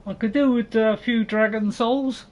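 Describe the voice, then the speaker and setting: A man's voice: very high voice, fairly even intonation, a little slow, a little mellow, poor audio. A man giving casual gameplay commentary, rambling and correcting himself with chuckling asides. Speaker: gaming channel host.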